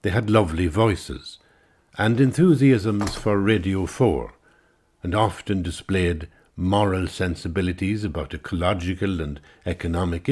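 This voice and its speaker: A man's voice: sits low, a little mellow, slightly rough. An Irish man reading his own memoir aloud, with wry, dry storytelling. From Ireland.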